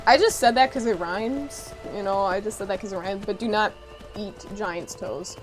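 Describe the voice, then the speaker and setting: A woman streamer chatting casually while playing a game, reacting loudly and reading chat messages aloud, with game music behind her. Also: medium pitch, normal speed. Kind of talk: casual live gameplay chat.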